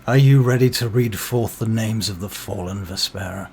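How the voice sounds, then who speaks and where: A man's voice: fairly low pitch, normal speed, a little mellow, a little hiss or hum, natural voice. A man voicing an older male druid elder who speaks with ceremonial solemnity.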